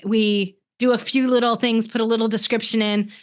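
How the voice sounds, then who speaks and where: A woman co-hosting a live podcast in a chatty, upbeat way. Her voice sits fairly high, and she laughs easily between her points. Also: little pitch movement, moderate pace. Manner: enthusiastic, laughs often. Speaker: podcast co-host. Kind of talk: casual chat.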